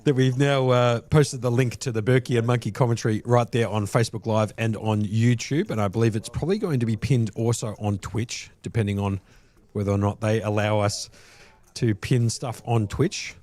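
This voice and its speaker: A man calls poker hands live from a commentary booth. He keeps breaking into giggles between the action, at a middling pitch. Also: moderate pace, darkish tone. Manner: giggly, laughing through lines.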